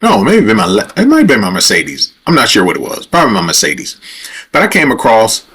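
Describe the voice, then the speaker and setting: A man's voice: fairly low pitch, huge pitch swings, brisk, a bit bright, breathy edge. A man hosting a livestream, telling a story in a rambling, conversational way straight to his viewers, and growing heated and profane as he retells a confrontation. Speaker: livestream host.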